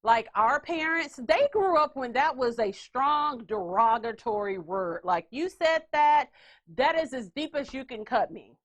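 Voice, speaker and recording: A woman's voice: high voice, animated, measured pace, a bit bright. A woman hosting a podcast in casual chat, brash, joking and profane. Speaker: podcast host.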